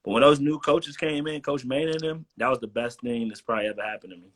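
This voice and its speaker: Talking at a quick pace and medium pitch, a young man in his twenties who once played college football tells stories as a guest on a video call. The interview is casual; he's animated, slangy, and acts out what others said.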